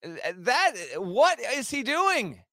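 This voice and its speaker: A man's voice: very high voice, very animated, slow pace, sharp tone, no echo, studio quality. A man from the northern US co-hosting a sports podcast in casual, wry, rambling banter. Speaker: co-host.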